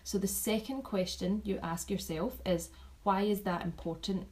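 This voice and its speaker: A woman talking casually to her team, chatty and animated, repeating herself and restarting sentences as she shares notes from an event. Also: medium pitch, normal speed, low-quality recording. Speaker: vlogger sharing event takeaways.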